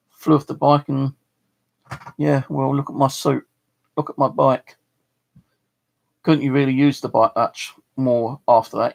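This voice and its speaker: A man's voice: mid-range voice, vocal fry. A middle-aged man with a southeast English accent, rambling and swearing freely as he tells stories to his channel. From southeast England. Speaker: channel host. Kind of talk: casual storytelling to camera.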